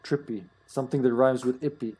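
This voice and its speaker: A man's voice: medium pitch, fairly even intonation, moderate pace, mellow, husky. A man streaming a horror game with friends, chatting casually and jokingly, laughing often and trailing off mid-sentence. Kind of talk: casual gaming chat.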